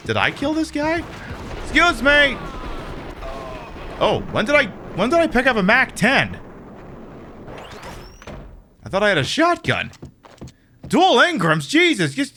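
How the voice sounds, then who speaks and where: A man streaming a game, joking and talking back at it, swinging from loud outbursts to low mumbled asides. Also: slight background noise. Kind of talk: casual game commentary.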